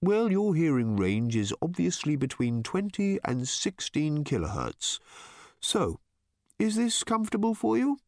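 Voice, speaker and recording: A man voicing a fussy, chatty shape-shifting robotic bird that asks brisk, clinical questions in a light tenor. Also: fairly high pitch, huge pitch swings, a little mellow, dry recording, studio quality, pitched above the performer's own voice, full character voice.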